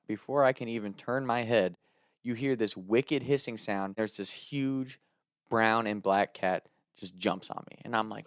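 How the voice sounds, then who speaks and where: A man telling a comic story on his vlog, animated and profane, laughing between lines, and turning earnest when he thanks his viewers. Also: mid-range voice, normal speed, no echo, clean studio sound. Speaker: storyteller and content creator.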